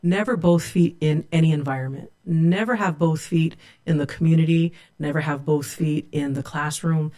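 Professor guest, woman; warm reflective storyteller. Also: low-pitched. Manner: earnest, reflective storytelling with quoted dialogue. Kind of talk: storytelling interview.

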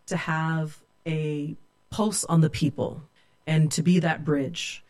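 A woman's voice: low voice, fairly even intonation, slow pace, darkish tone. A middle-aged woman from California, a sociology professor, telling her own story in a reflective, candid way. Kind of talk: personal storytelling.

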